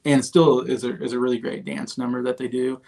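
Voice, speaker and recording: Gravelly man rambling about movies. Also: mid-range voice, flat delivery, a little fast, darkish tone. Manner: rambling, enthusiastic, many fillers and restarts. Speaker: host. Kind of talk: casual livestream movie ranking.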